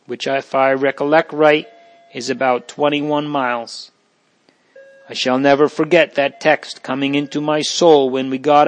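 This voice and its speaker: A man reading aloud an old religious memoir in an earnest, fervent way, rising with emotion at its prayers. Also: a little high. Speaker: reader of a memoir.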